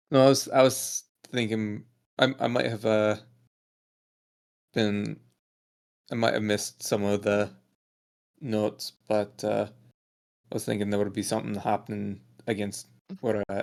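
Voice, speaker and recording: A man with a low, gravelly, flat voice, thinking out loud in a tabletop game. He hesitates and pads his words with fillers. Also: measured pace, pauses often. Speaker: player. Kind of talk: casual tabletop game chat.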